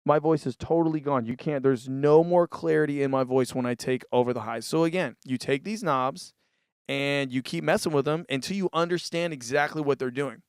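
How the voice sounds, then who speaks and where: A man's voice: medium pitch, a little fast, clean tone, dry recording, clean studio sound. A man giving a casual tutorial on a live mixer, talking loosely and saying "dude", speaking into a vocal mic. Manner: laid-back, says "dude" a lot, demonstrates with his voice. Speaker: music tutorial host. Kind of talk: casual instructional demo. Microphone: vocal mic through a live mixer.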